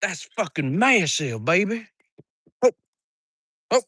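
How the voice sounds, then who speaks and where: A farmer man rambles and jokes to his livestream chat outdoors, swearing freely. His pitch swings widely as he talks. The sound is dry and close. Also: sing-song, slow pace, sharp tone, dry recording. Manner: profane, joking and rambling. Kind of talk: casual livestream chat while doing farm chores. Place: outdoors on a farm.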